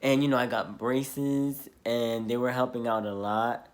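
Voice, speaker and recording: A man's voice: medium pitch, steady tone, a little slow. Young man, casual vlog storytelling, earnest, rambling, lots of fillers, mid-range voice. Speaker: vlogger.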